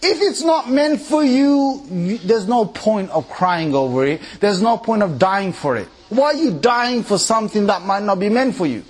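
A married man with three kids preaching an informal sermon to a live audience, animated, mimicking people and asking the audience questions. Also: high voice, moderate pace, few pauses. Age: adult, married with three kids.

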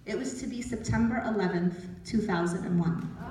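A woman in her forties giving a storytelling talk as an author, lively and acting out the voices she quotes. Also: mid-range voice, normal speed. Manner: lively, acts out quoted voices, laughs often. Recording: echoey hall, speaker from far off.

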